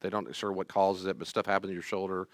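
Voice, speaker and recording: A man's voice: deep voice, level tone, fast, no echo, studio quality. A middle-aged man, a therapist teaching a class, telling personal stories in an earnest, pleading way. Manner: earnest, pleading, acts out quoted voices.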